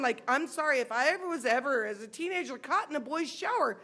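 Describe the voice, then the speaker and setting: High bright-voiced woman telling a story. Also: fast, few pauses. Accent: American. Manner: animated, acts out the voices in her story. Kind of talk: live personal storytelling on stage. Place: sports bar stage.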